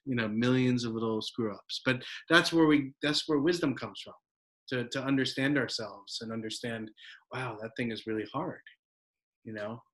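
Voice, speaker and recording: A man's voice: medium pitch, normal speed, a bit bright. Man, Buddhist teacher, interview guest, reflective, loose phrasing, mid-range voice. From United States. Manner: reflective, loose phrasing with frequent tag questions. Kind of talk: casual interview conversation.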